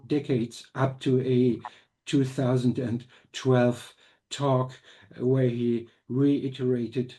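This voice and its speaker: A man delivers a measured academic conference lecture. His voice is dark and mellow at a middle pitch, and he pauses now and then to restart a phrase. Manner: measured, reads quotes aloud with small restarts.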